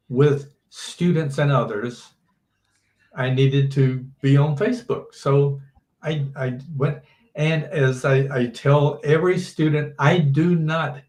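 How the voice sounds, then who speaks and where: An older man, a teacher, giving measured interview answers and often restarting his sentences. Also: on the high side, darkish tone, roomy sound. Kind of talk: slow thoughtful interview answers.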